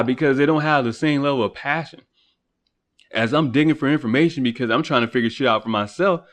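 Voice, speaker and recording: A man's voice: medium pitch, a bit bright. A man hosting a solo podcast, rambling and swearing casually as he rants. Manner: rambling, profane, ranting, voice rising when heated. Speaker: podcast host. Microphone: computer recording setup.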